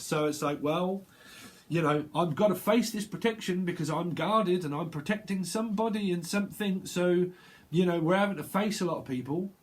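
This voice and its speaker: A man giving a casual tarot reading, chatty and rambling, full of fillers and restarts. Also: fairly high pitch. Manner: acts out little quoted voices, bursts of laughter. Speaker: tarot reader.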